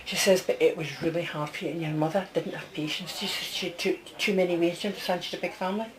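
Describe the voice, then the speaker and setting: A woman works as a medium in a close, one-to-one reading. Her voice sits a little low. She talks in a chatty stream, relaying what she hears and constantly asking whether it makes sense. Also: steady tone, rapid-fire, a crowd in the background, poor audio. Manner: chatty, relays messages, keeps checking with the sitter. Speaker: psychic medium.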